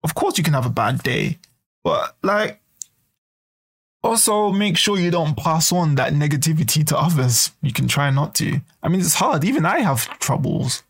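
A man with a gravelly, creaky voice sits a little higher than most men. He talks in a loose, casual rant, swears freely, and acts out what other people might say. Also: moderate pace. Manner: ranting, swearing, animated, acts out quoted voices. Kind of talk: casual monologue to camera.

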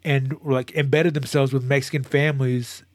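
A man chatting casually as a co-host, telling a long, animated story with many restarts and moments of emotion. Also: medium pitch, a little fast, dry recording, studio quality. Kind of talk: casual chat.

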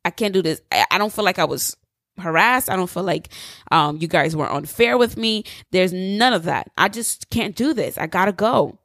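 Expressive young woman, dry sound. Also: on the low side, normal speed, no room sound. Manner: expressive, emphatic, preachy. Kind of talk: personal testimony monologue.

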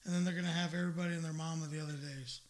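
A man's voice: on the high side, fairly even intonation, rapid-fire. A man hosting a casual comedy talk show, blunt and profane, rambling with many fillers. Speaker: radio show host.

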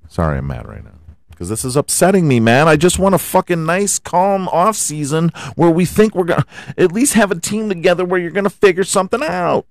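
A man's voice: fairly high pitch, lively intonation, brisk, no echo. A man hosting a podcast, ranting about his football team in a heated, profane way and firing off rhetorical questions. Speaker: podcast host. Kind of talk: profane sports rant.

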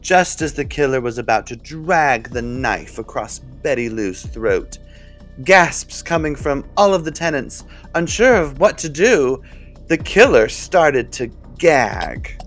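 A man narrating a comic story in a lively, playful way. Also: mid-range voice, slow pace, soft background music.

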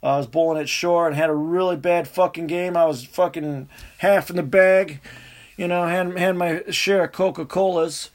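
Dude, high-ish voice, swearing nonstop through a story. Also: male voice, moderate pace. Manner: profane, animated, laughing storyteller. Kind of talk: casual rambling anecdote.

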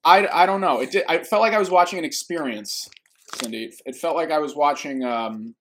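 A man's voice: a little high, brisk, a bit bright, slight background noise. A man co-hosting a live movie podcast in casual chat, joking and playful, often talking over his co-host. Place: home studio, live stream.

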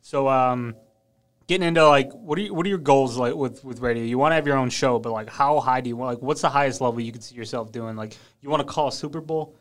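Sex: man. Quality: smooth voice. Role: laid-back podcast host. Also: medium pitch, fast. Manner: laid-back, rambling, with filler words. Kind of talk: casual interview chat. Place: podcast studio.

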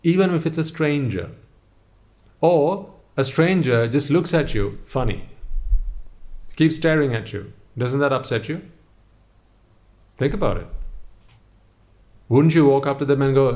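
A man's voice: a little high, expressive, slow, long pauses, darkish tone. A man giving a motivational talk, speaking straight to the listener with a stream of rhetorical questions.

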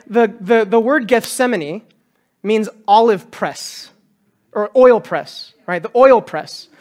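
A man preaching a sermon as pastor, animated, acting out quotes with a raised voice. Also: very high voice. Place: church.

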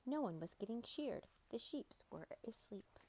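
A woman's voice: fairly high pitch, animated, measured pace, warm tone. A woman hosting a children's story podcast, reading aloud cheerfully.

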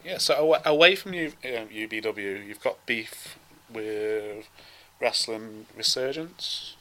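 A man hosting a podcast interview, asking quick, loose questions. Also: lowish voice, a bit bright.

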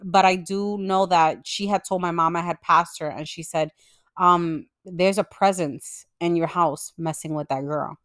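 Young female podcast host, lower pitch, loose and chatty with casual cursing, dry recording. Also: a bit bright, dry recording. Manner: chatty, swears casually, many fillers. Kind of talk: casual storytelling.

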